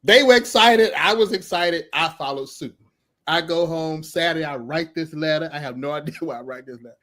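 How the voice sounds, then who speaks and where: A middle-aged man telling his story with lots of energy. His voice sits a little high for a man. He laughs often and acts out the people in the tale. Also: brisk, bright, forceful tone. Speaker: podcast guest telling his testimony. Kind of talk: animated storytelling.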